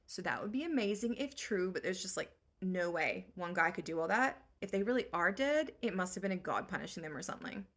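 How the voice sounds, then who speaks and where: A woman's voice: fairly low pitch, sing-song, brisk, few pauses, fairly bright tone, full character voice. A woman voicing a skeptical, weary queen who talks in a dry, doubting way. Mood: doubtful.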